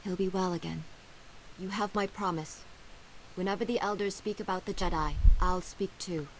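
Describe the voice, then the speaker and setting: A woman's voice: on the low side, steady tone, moderate pace, a little hiss or hum, lightly acted, rough recording. A woman voicing an earnest, grateful game mother. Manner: earnest, solemn thanks. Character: grateful mother of a rescued son. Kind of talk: video game dialogue.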